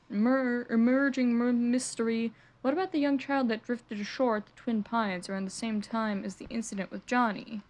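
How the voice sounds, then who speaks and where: A woman's voice: a little high, darkish tone. A woman hosting a casual read-through of a manga with her own reactions. She sounds weary and deflated, rambles, swears a lot and often stumbles over words. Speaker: channel host reading a manga aloud.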